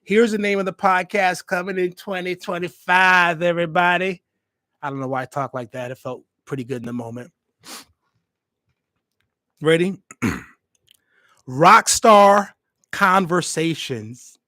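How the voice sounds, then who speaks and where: A man with a high, sharp voice, fairly even intonation and a normal speed pauses often as he hosts a hospitality channel livestream. He talks casually yet emphatically to viewers, repeating phrases for weight. The audio, from a USB desk microphone, is studio quality with no echo.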